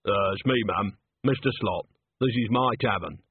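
A man's voice: on the low side, normal speed, slightly rough, dry recording. A man voicing a worried, hesitant innkeeper who stumbles over his words. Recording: dry, tinny phone-like sound.

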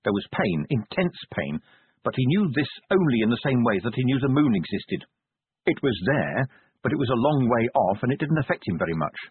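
A man narrating a novel as an audiobook reader, in measured storytelling. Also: breathy edge, no room sound. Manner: measured storytelling with lively pitch. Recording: phone-like lo-fi audio.

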